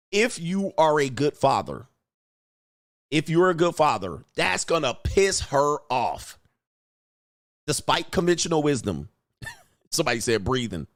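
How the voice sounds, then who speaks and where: A man hosting a livestream in a slightly higher voice. He rants casually and swears freely. He jumps into bursts of quoted voices as he goes. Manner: animated, profane, acts out quotes. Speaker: livestream host. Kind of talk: casual commentary rant.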